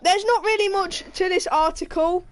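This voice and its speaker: High-voiced sweary woman streamer. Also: normal speed. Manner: animated, sweary, laughs while reading aloud. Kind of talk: casual commentary while gaming.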